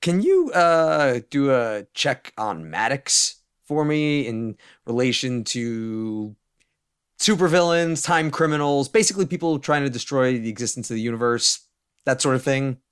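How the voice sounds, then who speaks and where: A man playing a tabletop role-playing game, talking in a hesitant, halting way. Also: medium pitch, animated, fairly bright tone, smooth. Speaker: player. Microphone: remote recording.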